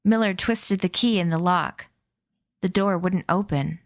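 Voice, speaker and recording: A woman's voice: lowish voice, a little slow, no room sound, clean studio sound. Woman reading a novel aloud. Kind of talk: read-aloud storybook narration.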